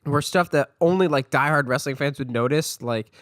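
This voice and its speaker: A man's voice: on the high side, moderate pace, fairly bright tone, no room sound. A man with a congested voice, hosting a casual solo movie podcast and chatting with enthusiasm. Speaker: podcast host.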